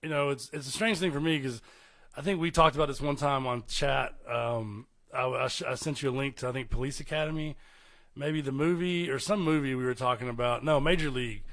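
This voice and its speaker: A man's voice: medium pitch, brisk, fairly bright tone. A man from East Texas, hosting a podcast in casual, rambling interview chat. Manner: rambling, chuckles often. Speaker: podcast host.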